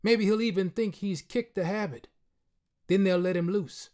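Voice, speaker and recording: A man's voice: high voice, normal speed, darkish tone, pitched above the performer's own voice, lightly acted. A man voicing a jittery streetwise young guy. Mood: resigned. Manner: street-talking, wheedling.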